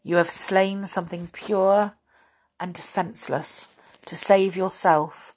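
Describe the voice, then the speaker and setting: A woman voicing a young, noble male centaur who speaks in a grave, measured way in a storybook reading. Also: on the low side, fairly even intonation.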